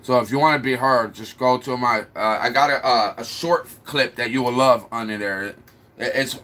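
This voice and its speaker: Livestream host, man, bright voice, scolding, repeats himself, mock-patient. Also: mid-range voice. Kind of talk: casual livestream rant.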